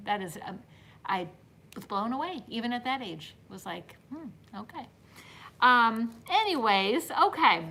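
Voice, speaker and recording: A woman's voice: on the high side, sharp tone. A woman in her fifties hosting a casual live-stream chat, telling stories to her viewers and laughing often. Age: 50s. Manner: chatty storyteller, talks straight to viewers, laughs often. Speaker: host.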